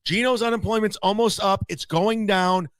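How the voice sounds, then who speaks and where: A man's voice: high voice, steady tone, moderate pace, no echo. A man on a casual stream, smugly dealing out gossip and teasing about his secret sources. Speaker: guest with gossip scoops.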